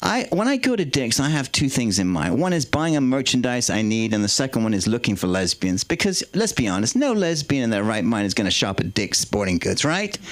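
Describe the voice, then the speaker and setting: A man's voice: mid-range voice, big pitch swings, brisk, hardly any pauses. A man doing a crude, rambling stand-up set and working the crowd with call-and-response. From England. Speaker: stand-up comedian.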